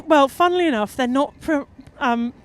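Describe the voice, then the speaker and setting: Bubbly high-voiced woman commentator. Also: normal speed. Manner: chatty, excitable, emotional. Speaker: race commentator. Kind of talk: live on-water sports commentary. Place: on a boat on the water, outdoors.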